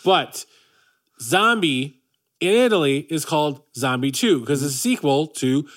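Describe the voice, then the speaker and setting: A man's voice: fairly high pitch, expressive, a little slow, fairly bright tone. A man co-hosting a casual podcast chat, blunt and profane, rambling through his points. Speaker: podcast co-host.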